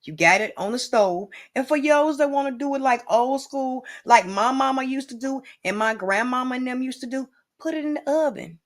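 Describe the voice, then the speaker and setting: A woman's voice: high voice, moderate pace, few pauses. A woman hosting an improvised comedy cooking show, rambling in a playful way with asides to the viewer.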